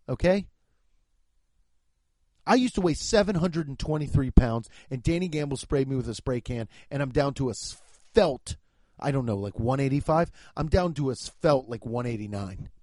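Profane, hyped-up comedian reading ads. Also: male voice, mid-range voice, lively intonation, normal speed, dark tone, no room sound. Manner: profane, over-the-top hype with sudden swings. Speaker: podcast host reading sponsor ads. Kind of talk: comedic ad reads.

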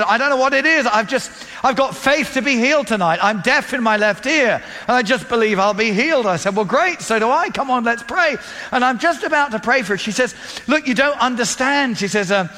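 A man preaches a sermon in a lively storytelling manner, acting out each exchange as he goes. His voice sits high and bright. A long reverb trails behind him, as in a large hall. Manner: animated storytelling, acting out dialogue.

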